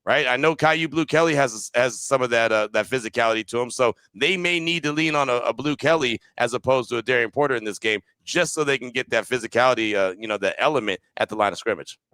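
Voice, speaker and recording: A man's voice: mid-range voice, fast talker, few pauses, sharp tone, smooth, dry recording. A man hosting a casual sports podcast, breaking down the game analytically and often checking in with "right?". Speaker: podcast host.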